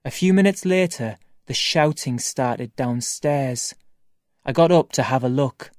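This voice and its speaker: A reader narrating a first-person graded-reader story for language learners, reading slowly and clearly. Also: medium pitch, a little mellow, dry recording, studio quality. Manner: slow, clear, carefully paced reading. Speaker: audiobook reader.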